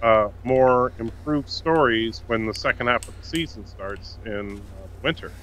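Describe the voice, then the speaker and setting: A man with a bright, forceful voice joins the stream as co-host, chatting hesitantly and making dry remarks. Faint noise and keyboard typing sit under his voice. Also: mid-range voice, unhurried. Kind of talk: casual chat while gaming.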